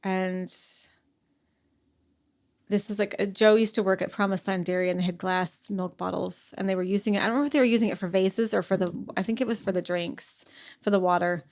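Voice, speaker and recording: A middle-aged woman, a podcast guest, talking through a personal story in a halting way, full of fillers and restarts. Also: medium pitch, fairly even intonation, darkish tone. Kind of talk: conversational interview.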